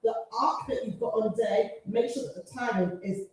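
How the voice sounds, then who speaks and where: A woman leads a gospel singing workshop, breaking into sung phrases to show placement and laughing easily as she teaches. Her voice is mellow and fairly high. She is heard from across a large, very reverberant hall. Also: moderate pace. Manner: lively, demonstrates phrases by singing, laughs often. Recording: echoey hall, voice from far off the mic.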